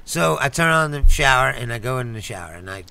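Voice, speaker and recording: A man's voice: medium pitch, expressive, quick pace, vocal fry, bright, forceful tone, clean tone. A man telling a rambling story on a casual comedy podcast, often laughing and swearing as he goes. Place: studio.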